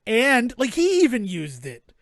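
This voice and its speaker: High-voiced man, rambling storyteller. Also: wildly swooping pitch, a little slow, no room sound. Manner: rambling storyteller, chuckles often. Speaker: podcast co-host. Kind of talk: casual chat.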